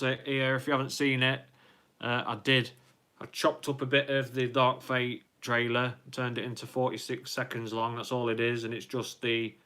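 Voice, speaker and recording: Bright, smooth-voiced man streaming live. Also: lowish voice. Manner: rambling, full of ums and restarts. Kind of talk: casual live stream chat, reading viewer comments.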